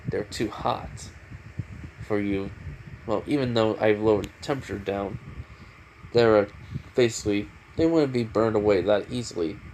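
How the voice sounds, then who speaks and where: A man's voice: on the low side, a little mellow, close to an everyday voice, rough recording. A man voicing a cocky, mocking teenage boy hero in a casual fan story reading, over an air conditioner hum. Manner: teasing, taunting.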